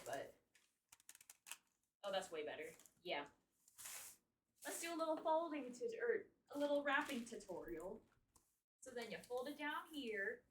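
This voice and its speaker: A woman's voice: a little high, recorded from a distance, a little hiss or hum. A woman streaming as she wraps gifts, chatting casually, cursing now and then and slipping into a playful put-on accent. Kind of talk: casual live-stream chat while wrapping gifts. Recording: roomy echo, speaking away from the mic.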